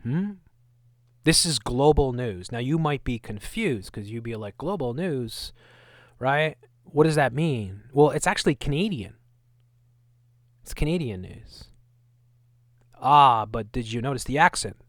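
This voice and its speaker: A man's voice: medium pitch, expressive, unhurried, long pauses, no room sound, studio quality. A man hosting his own channel, giving sarcastic, scornful commentary on news clips. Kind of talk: ranting video commentary.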